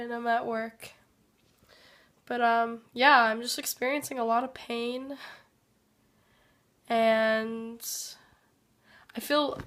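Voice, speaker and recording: Hoarse sick woman talking slowly. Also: fairly high pitch, a bit bright. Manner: slow, hesitant and reflective, many pauses and fillers. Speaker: vlogger. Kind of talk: personal life update. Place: workplace.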